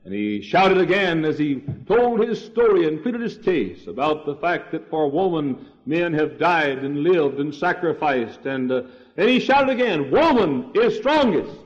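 A man preaching an old-fashioned sermon, repeating his points and rising to shouts on key words. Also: on the high side, lively intonation, unhurried. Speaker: pastor. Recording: dull lo-fi 1968 sermon tape.

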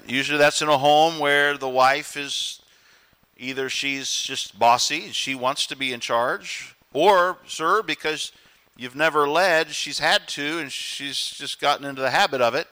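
Bright-voiced emphatic male preacher. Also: a little high. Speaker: pastor. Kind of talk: sermon.

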